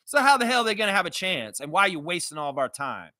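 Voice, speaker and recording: A man hosts a live sports reaction stream and rants with heavy profanity. His fairly high voice swoops up and down as he argues. It is bright and cutting, recorded close and dry with no room sound. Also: fast talker, no echo. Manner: animated, profane, ranting. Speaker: livestream reaction host.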